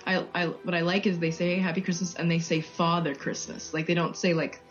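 A woman guest on a podcast, chatting in a relaxed, giggly, slightly hesitant way. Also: on the low side, quick pace, dull audio. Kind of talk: casual podcast chat.

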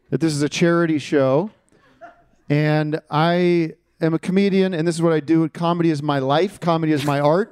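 Halting man doing a stand-up bit. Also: fairly high pitch, darkish tone, smooth. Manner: halting, stumbling joke delivery with restarts. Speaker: stand-up comedian guest.

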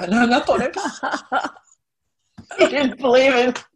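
A woman in her sixties from Liverpool, chatting as an interview guest and telling lively anecdotes that act out the voices of people in them. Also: fairly low pitch, a little slow, long pauses. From Liverpool, England. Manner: chatty and animated, acts out quoted voices. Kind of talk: casual storytelling in conversation.

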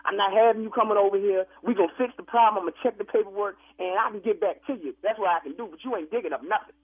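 Fast-talking husky man on a phone line. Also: high voice. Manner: defensive, stammering, quick to push back. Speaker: funeral home worker. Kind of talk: heated phone argument.

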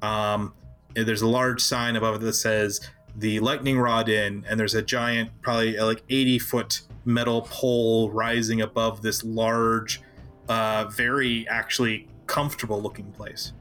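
Dude game-mastering, laid back narration, lots of ums. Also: male voice, lowish voice, level tone, moderate pace, pushed and bright, soft background music. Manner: casual, many fillers.

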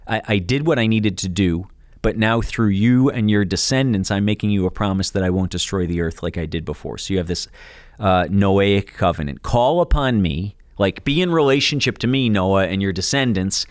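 A man with a lowish voice co-hosts a podcast and walks his listener through a subject in an earnest, teaching manner. He drops in wry little asides. The sound is dry and close, with no room echo. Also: moderate pace, smooth. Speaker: co-host.

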